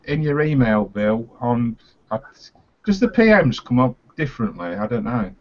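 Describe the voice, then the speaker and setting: A man's voice: medium pitch, sing-song, normal speed, slight background noise. Easygoing man on a dull video call. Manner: matter-of-fact, helps others with the call setup. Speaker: panelist on a home-brewing online hangout. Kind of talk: casual chat on a group video call.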